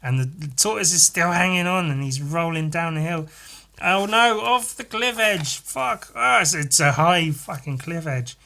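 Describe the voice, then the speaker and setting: A man hosting a casual solo podcast, swearing freely and telling a story panel by panel in an animated way. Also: fairly high pitch, normal speed, creaky. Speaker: podcast host.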